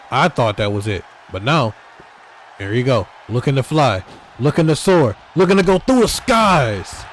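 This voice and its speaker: A man giving excitable, trash-talking play-by-play commentary over a wrestling video game, talking straight to the wrestlers. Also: mid-range voice, a little hiss or hum.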